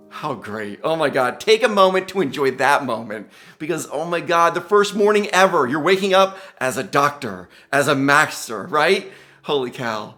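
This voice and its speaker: A man's voice: high-pitched, bright, forceful tone. A middle-aged man giving a gushing motivational commencement speech, exclaiming often and calling listeners guys. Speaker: commencement speaker.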